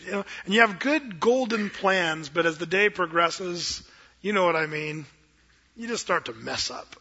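A middle-aged man, a pastor preaching a sermon in an animated, joking way that acts out quoted voices. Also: high voice, normal speed, breathy edge, muffled recording.

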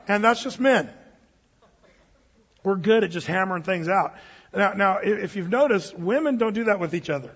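A middle-aged male pastor with a husky voice, preaching in a conversational, joking way and often repeating his words. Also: high voice, animated, normal speed, long pauses, fairly bright tone. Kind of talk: sermon. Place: church sanctuary. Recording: dull hall reverb.

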